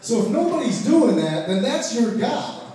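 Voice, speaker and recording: A man's voice: very high voice, sing-song, moderate pace, dark tone. A man from Ohio doing a crude, profane stand-up set on a comedy club stage, putting on mocking voices for the people in his jokes. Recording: very echoey club audio from far off.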